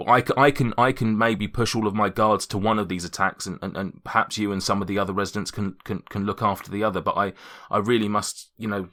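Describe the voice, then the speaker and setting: A man's voice: fairly low pitch, steady tone, fast, few pauses, pushed and bright. A man voicing an urgent woman town leader. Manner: urgent, pleading.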